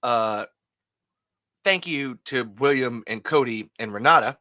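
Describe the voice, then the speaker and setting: A man's voice: medium pitch, measured pace, pushed and bright, no echo. A man hosting a late-night podcast, chatting in a rambling, profane, chuckling way. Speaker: podcast host.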